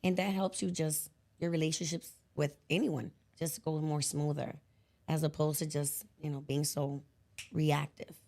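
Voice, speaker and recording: A woman with a notably low voice hosts a relaxed podcast chat. She speaks expressively, laughs easily and acts out what she tells herself. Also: a little slow. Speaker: podcast host. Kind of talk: casual conversation.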